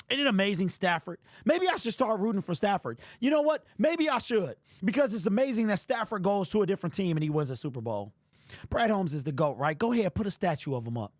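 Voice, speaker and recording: A man hosting a sports fan livestream, tired and emotional, his frustrated talk rising into shouted rants. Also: sits high, very animated, fast, no room sound, studio quality.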